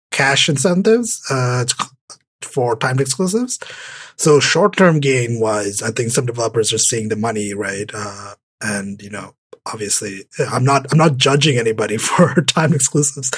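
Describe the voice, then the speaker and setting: Husky guy rambling on a tech podcast, lots of uh and you know, dry close sound. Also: mid-range voice, fairly bright tone, no echo. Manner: rambling, many restarts and fillers. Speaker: podcast co-host. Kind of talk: casual tech podcast chat.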